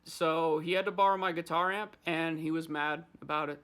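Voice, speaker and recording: A man's voice: a little high, steady tone, moderate pace, a bit bright, clear, resonant tone. A man hosting a podcast, ranting in loose, profane casual chat. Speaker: podcast host.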